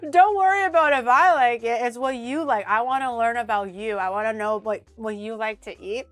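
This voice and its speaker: A woman's voice: a little high, fairly quick, a bit bright, no echo. A woman streamer chatting casually while tasting food she cooked, bubbly and talkative. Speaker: streamer host. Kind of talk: casual chat while eating.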